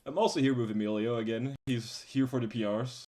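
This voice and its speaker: A man's voice: mid-range voice, fairly even intonation, a little fast, warm tone. Young guy hosting a chill podcast, mid voice, casual swearing, walks thru the rules. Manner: laid-back, swears casually, explains rules step by step. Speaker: podcast host.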